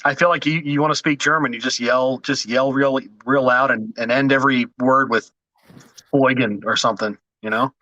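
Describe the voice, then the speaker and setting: A joking, self-deprecating man bantering as a podcast host. His voice is very bright and sharp, set in a middle register, and recorded dry with no room sound. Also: mid-range voice, steady tone, normal speed, no echo, highs cut off. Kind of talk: casual chat.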